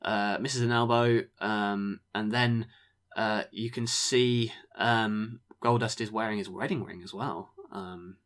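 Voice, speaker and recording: A man co-hosting a podcast, recapping wrestling matches in a relaxed way, full of ums. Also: fairly low pitch, slow pace. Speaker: podcast co-host. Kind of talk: casual review chat.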